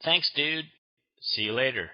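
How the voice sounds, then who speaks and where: A man's voice: mid-range voice, unhurried, faint music behind, lightly acted. A man playing an easygoing college student in a scripted textbook dialog. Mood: casual. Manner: casual, easygoing. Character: laid-back male college student. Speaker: dialog actor. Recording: muffled lo-fi studio recording.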